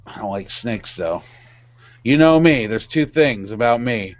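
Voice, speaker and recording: Man, tabletop player, playful joking, average pitch, slightly muffled lo-fi sound. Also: expressive, measured pace. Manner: playful, jokey. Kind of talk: tabletop game chat. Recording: slightly dull lo-fi audio.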